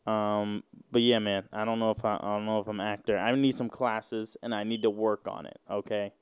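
A man's voice: on the low side, flat delivery, moderate pace, clear, resonant tone, no echo. A man in his twenties hosting a solo podcast, rambling and joking with plenty of profanity. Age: 20s. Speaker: podcast host. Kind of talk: casual solo podcast rant.

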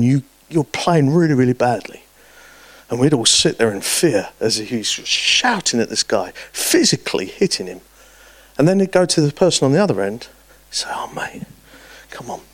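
A man preaching a sermon, telling stories with lively swings between loud and hushed delivery. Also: on the low side, no room sound.

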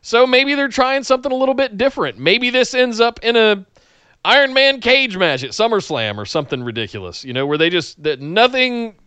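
A man co-hosts a casual podcast chat with blunt, opinionated takes. His voice is bright, smooth and clear, sitting a bit high. The sound is dry and close. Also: very animated, a little fast, no echo. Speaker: podcast co-host.

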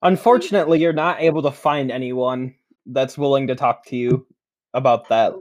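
Calm male game master. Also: medium pitch, normal speed, no room sound. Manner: calm, matter-of-fact rulings. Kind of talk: narrating a tabletop game.

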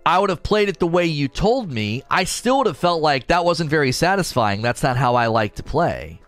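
A man in casual podcast talk, arguing his point in an animated, rambling, defensive way. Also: a little high, normal speed, dry recording, faint music behind. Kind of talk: casual argumentative chat.

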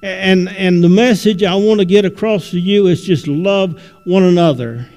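A man's voice: high voice, normal speed, darkish tone. A man preaching a sermon as a visiting preacher, in a folksy way that often repeats words and starts over. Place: church sanctuary. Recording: long reverb in a church hall.

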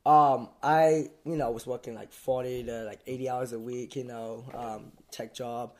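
A man's voice: mid-range voice, steady tone, a little slow, a little mellow. Laid-back man with a fading British accent. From United Kingdom. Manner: easygoing, laughs often. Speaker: guest, brand owner. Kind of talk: casual podcast chat.

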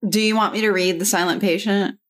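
A woman's voice: mid-range voice, steady tone, fairly quick, a bit bright. A young woman co-hosting a book podcast, blunt and critical, swearing freely in casual chat. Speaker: podcast co-host.

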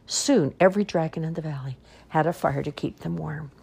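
A woman reading children's picture books aloud in an expressive, sing-song storytelling manner. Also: deep voice, fairly quick, creaky, breathy edge.

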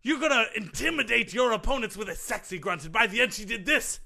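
A man's voice: high-pitched, animated, fast, gravelly, bright, forceful tone, exaggerated voice. A man playing a smug, eccentric male tennis grunt coach in an improvised comedy sketch, talking in a pompous, theatrical way. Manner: pompous, theatrical, over-the-top. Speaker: comedy podcast sketch performer.

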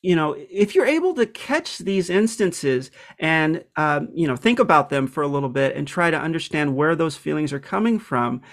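Reflective man with many filler pauses. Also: a little high, expressive. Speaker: podcast host. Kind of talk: casual self-help talk.

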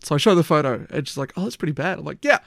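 A man's voice: fairly high pitch, expressive, very fast, gravelly, a bit bright, no echo, studio quality. A man telling a long, rambling story in casual chat, swearing often. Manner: rambling anecdote, frequent swearing and "like".

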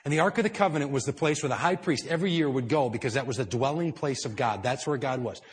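A man preaching a sermon in a church hall, telling the story with drama and dropping to hushed tones before building up louder. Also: medium pitch, fast talker. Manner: dramatic storytelling, swinging between hushed and loud. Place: indoor church hall with high ceiling.

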